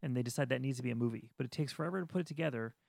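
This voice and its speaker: A man co-hosting a casual podcast chat, ranting with animated energy and mocking studio executives in voiced asides. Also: medium pitch, racing, creaky, no echo. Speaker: podcast co-host.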